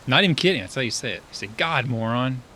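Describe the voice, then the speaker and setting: A man's voice: medium pitch, sing-song, very fast, sharp tone, slight background noise. A man streaming a game and chatting casually, rambling with lots of fillers and frequent laughs.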